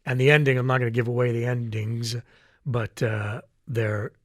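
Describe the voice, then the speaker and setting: A man's voice: mid-range voice, flat delivery, moderate pace, no echo, clean studio sound. A man, a voice actor, chatting as an interview guest, enthusiastic and often restarting his sentences. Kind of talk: casual interview chat.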